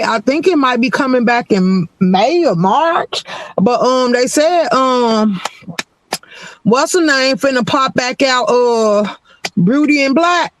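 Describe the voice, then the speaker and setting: High-voiced man hosting a laid-back stream. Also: fairly bright tone, no room sound. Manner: rambling, laid-back, chatty. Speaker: live stream host. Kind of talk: casual streaming chat.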